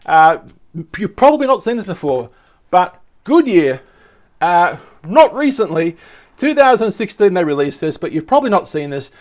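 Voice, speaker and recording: A man's voice: sits high, very animated, moderate pace, a little mellow. A man hosting a casual tech vlog, rambling and joking as he reads an article aloud and stumbles over words. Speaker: tech vlogger.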